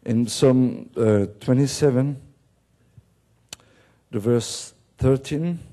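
Male missionary pastor, slow delivery, mellow tone, halting sermon with gentle humor. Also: medium pitch. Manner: halting, with many restarts and fillers. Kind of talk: sermon with light joking. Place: church service.

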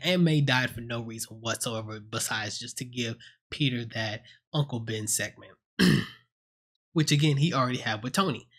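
A man's voice: mid-range voice, fairly bright tone. A man giving a casual spoken movie review at home on a close mic, retelling scenes with jokes, swearing and acted-out quotes. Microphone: own desk mic, close.

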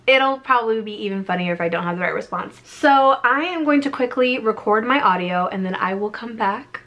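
A woman's voice: mid-range voice, animated, fairly quick, fairly bright tone. A young adult woman vlogger talking casually to camera, nervous and giggly, with lots of "like" fillers. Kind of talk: casual vlog talk to camera.

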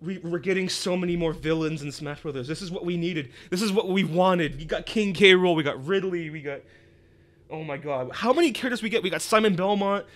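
A young man reacting live to a video announcement, excitable and prone to shouting in disbelief. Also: sits high, fairly quick. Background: music from the video.

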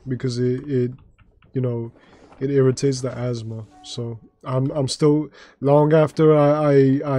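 A man with a slightly raspy voice, chatting casually with his viewers while streaming a game, rambling with lots of fillers and restarts. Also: medium pitch, warm tone. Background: faint background music.

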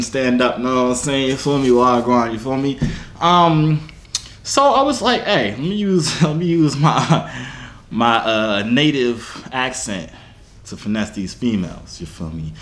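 A young man vlogging at home, joking and bragging in playful casual banter. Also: mid-range voice. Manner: playful boastful banter with lively rises. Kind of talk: joking casual vlog chat. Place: home, indoors. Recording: echoey room with faint ambient noise.

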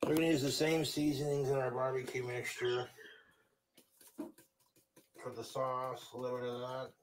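A man narrating his cooking to the camera in a slow, relaxed, casual way. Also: mid-range voice, background noise. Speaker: home cook filming himself.

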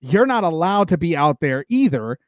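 A man co-hosting a podcast, chatting casually and agreeing readily with quick interjections. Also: a little high, big pitch swings, dry recording, studio quality. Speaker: podcast co-host. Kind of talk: casual chat.

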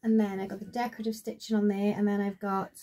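A woman's voice: medium pitch, little pitch movement, fast talker, warm tone. A woman, chatting at home in a rambling, casual show-and-tell about her sewing, full of fillers and asides. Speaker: crafter showing her sewing projects.

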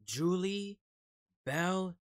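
A music video reactor giving casual, excitable commentary, often breaking off to exclaim and pause the video. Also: medium pitch.

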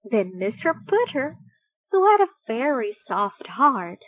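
A woman reads a children's picture book aloud at a very slow, deliberate pace. Her voice rises and falls expressively and sits a little high. The recording is dry and close. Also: very animated, a bit bright, no room sound, rough recording. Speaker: storybook reader.

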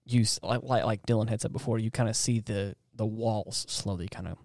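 A man's voice: fairly low pitch, fairly even intonation, a little fast, darkish tone, no room sound, studio quality. A man co-hosting a podcast, chatting casually about a film with many restarts and fillers. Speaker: podcast co-host.

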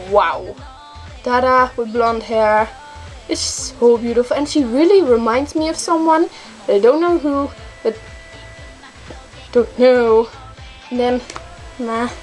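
A young woman with a high voice talks in an unhurried, drawn-out way, gasping and gushing as she reacts. Faint music plays behind her, and her exclamations keep tumbling out one after another. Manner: gushing, gasping, repeats oh my god. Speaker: reaction video host. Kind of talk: excited music video reaction. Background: music playing.

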